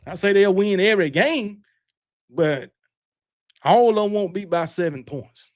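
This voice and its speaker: Guy w a high voice rambling about football to his chat, keeps correcting himself. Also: expressive, measured pace, darkish tone. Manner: rambling, self-correcting, talks back to chat; boastful sports banter. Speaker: livestream host. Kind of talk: casual chat with live viewers.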